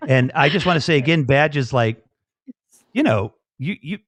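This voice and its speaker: A man's voice: on the high side, animated, normal speed, a bit bright, dry recording. Rambling, joking male stream host. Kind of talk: casual chat.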